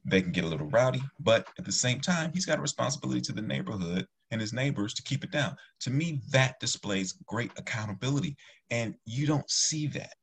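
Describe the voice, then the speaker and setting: A man's voice: mid-range voice, animated, fairly quick, creaky, husky. A man who teaches martial arts, talking earnestly in a rambling, casual discussion with many restarts.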